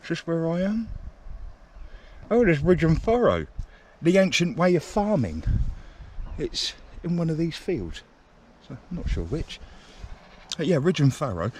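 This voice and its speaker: A man giving chatty, excitable walking commentary to the camera as a railway enthusiast vlogger. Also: on the high side, measured pace, slightly rough. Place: outdoors on a path beside a railway line. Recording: outdoor street noise.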